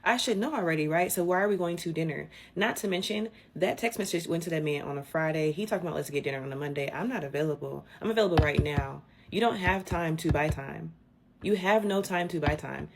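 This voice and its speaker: A woman telling a personal story in an indignant, animated rant with swearing. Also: on the low side, brisk, vocal fry, a little hiss or hum.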